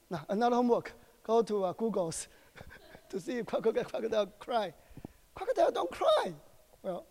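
A man from Taiwan with a Taiwanese accent, preaching a sermon in halting English and often asking the congregation questions. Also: sits high, darkish tone, long reverb tail, slight background noise. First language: Chinese. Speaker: pastor. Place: church hall.

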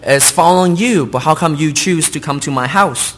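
A man with a somewhat high voice interprets a sermon into English, line by line. He speaks earnestly, pausing on fillers and using non-native grammar as he works through each phrase. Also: fairly bright tone, a little hiss or hum.

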